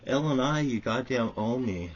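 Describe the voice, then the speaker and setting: This vlogger's mid-range voice is expressive and moderately paced as he rants furiously at the camera, cursing throughout. The audio is dull and lo-fi, with a bit of background noise.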